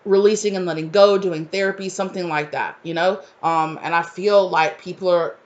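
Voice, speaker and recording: A woman's voice: fairly low pitch, moderate pace, lo-fi sound. A woman giving a collective tarot reading in an effusive, rambling way, full of fillers and restarts and spiritual talk. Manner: emotional, spiritual. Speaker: tarot reader.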